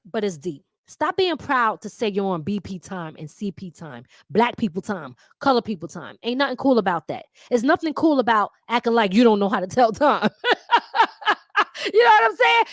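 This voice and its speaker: A middle-aged woman from Philadelphia with a mixed Philadelphia and New York accent, hosting a talk show in a blunt, slangy, animated monologue full of laughter. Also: mid-range voice, a little fast, hardly any pauses, no echo, clean studio sound. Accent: mix of Philadelphia and New York. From Philadelphia, USA. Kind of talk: casual monologue to viewers.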